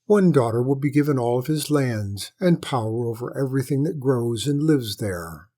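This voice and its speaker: A sly, knowing court jester who speaks in a courtly, measured way, as a male storyteller plays him. The voice is husky and a touch brighter than the narration, patient and mysterious in a storybook tale. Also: medium pitch, expressive, natural voice.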